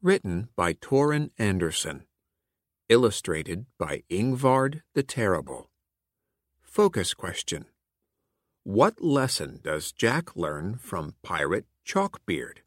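Slow, expressive male storybook reader. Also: lowish voice, no echo, clean studio sound. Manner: clear and expressive, like a teacher reading aloud. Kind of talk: read-aloud children's story narration.

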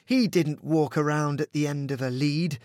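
A man reading a children's storybook aloud in an expressive, sing-song way. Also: fairly high pitch, moderate pace, no room sound, studio quality.

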